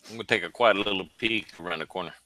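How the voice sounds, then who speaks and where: A man's voice: low-pitched, very fast, background noise. A man playing a tabletop game, joking and laughing often with the others. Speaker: player. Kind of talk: casual tabletop play.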